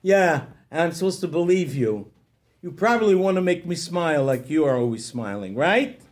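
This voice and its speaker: A man's voice: on the high side, expressive, moderate pace, lightly acted. A man voicing a grief-stricken man who has lost his whole fortune, talking in a distraught, pleading way. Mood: doubtful.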